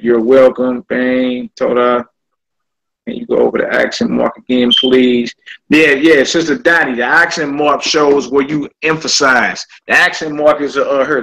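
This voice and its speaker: A man's voice: medium pitch, creaky, rough recording. Laid-back man teaching a live-stream class. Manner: relaxed, chatty, talks to viewers as family. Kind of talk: casual live-stream lesson, reading viewer comments.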